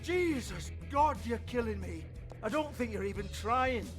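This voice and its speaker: A man's voice: extremely high pitch, expressive, measured pace. An actor playing a foul-mouthed, bullying male club owner, snarling and berating. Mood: impatient. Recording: game audio under loud music.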